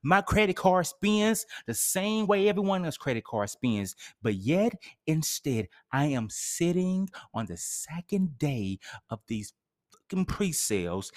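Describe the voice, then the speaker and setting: A man's voice: a little high, sing-song, slow. A man hosting a podcast, ranting theatrically with sarcastic asides. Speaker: podcast host. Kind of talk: solo podcast rant.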